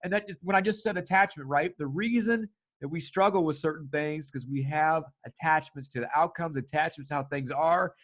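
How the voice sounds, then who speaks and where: A man hosting a podcast rattles along at a quick clip in a fairly high voice. He is casual and excitable, and he swears freely. Laughter often breaks into his talk. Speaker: podcast host.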